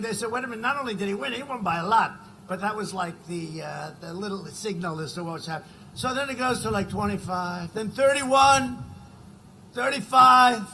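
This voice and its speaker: A man in his seventies giving a rambling campaign rally speech from a podium mic, full of conversational asides and sudden shouted lines. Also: very high-pitched, slight background noise, poor audio. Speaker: political rally speaker. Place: political rally.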